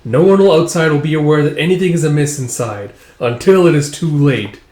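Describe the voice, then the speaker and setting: A man voicing a scheming male villain who speaks with smug, measured menace, recorded in a roomy space. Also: fairly high pitch, darkish tone, lightly acted. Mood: gloating. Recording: roomy echo.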